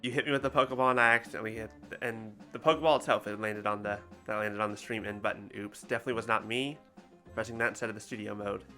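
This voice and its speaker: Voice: medium pitch, fairly even intonation, fast talker, bright, forceful tone, faint music behind. A game streamer commenting casually and making self-deprecating jokes between reading lines. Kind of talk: casual let's-play commentary.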